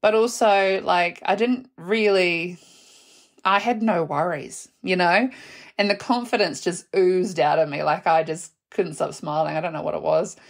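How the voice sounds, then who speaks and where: A young adult woman, hosting her own podcast and telling a personal story in a chatty, animated way, laughing and swearing casually. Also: on the low side, measured pace, gravelly. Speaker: podcast host.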